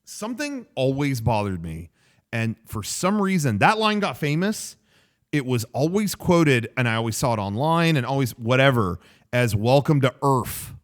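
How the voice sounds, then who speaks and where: A man's voice: mid-range voice, very animated, moderate pace. A man co-hosting a casual movie podcast, chatting and agreeing often with the others. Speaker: podcast co-host.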